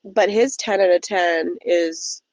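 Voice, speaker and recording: A woman's voice: on the low side, slow pace, a little mellow, dry recording, rough recording. A woman co-hosting a casual podcast, speaking earnestly and supportively. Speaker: podcast co-host.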